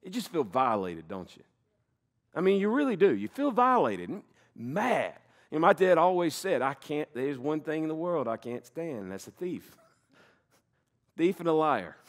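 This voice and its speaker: A middle-aged man preaching a sermon, slowing down to stress key points and now and then laughing. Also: a little high. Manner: animated preaching, slows for emphasis, occasional laughs. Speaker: pastor.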